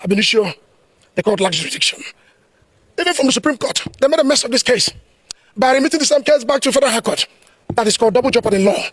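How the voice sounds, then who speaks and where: A man's voice: very high voice, expressive, quick pace, long pauses, fairly bright tone, husky, no echo, rough recording. A man, speaking emphatically to reporters in defense of a detainee. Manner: emphatic, declarative. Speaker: supporter speaking to the press. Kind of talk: impassioned statement to reporters.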